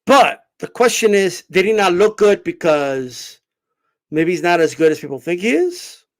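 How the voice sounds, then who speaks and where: A man with a strikingly high voice rants about boxing on a livestream, brash and profane. His pitch leaps up and down as he mocks commenters in his casual style. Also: big pitch swings, moderate pace. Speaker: boxing channel host. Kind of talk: animated livestream rant.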